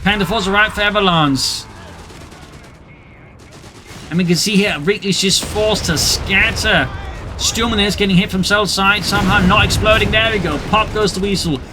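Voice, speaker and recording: A man casting a strategy video game, giving brisk, excitable and wry play-by-play commentary. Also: high voice, noisy background. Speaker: game caster. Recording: commentary over loud game battle sound. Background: gunfire and artillery.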